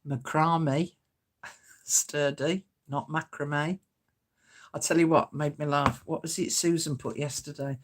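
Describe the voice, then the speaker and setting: A woman's voice: deep voice, steady tone, moderate pace. A woman, hosting a crafting livestream in a homely, chatty way and greeting viewers by name. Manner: chatty, homely, reads out and chuckles at comments. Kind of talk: casual live-stream chat greeting viewers.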